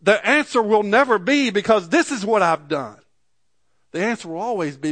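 A man's voice: sits high, lively intonation, moderate pace, fairly bright tone. Earnest male pastor preaching a sermon. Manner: earnest storytelling, quoting others, rising to fervent preaching.

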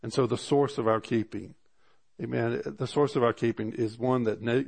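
A man preaching a sermon, animated and rising in pitch for emphasis, often restarting his phrases. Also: a little fast, creaky. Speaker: pastor.

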